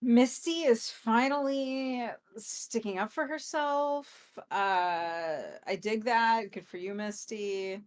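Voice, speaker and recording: A woman's voice: a little high, slow pace, hardly any pauses. A woman co-hosting a podcast in casual chat, tossing in dry, wry remarks. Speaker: podcast co-host.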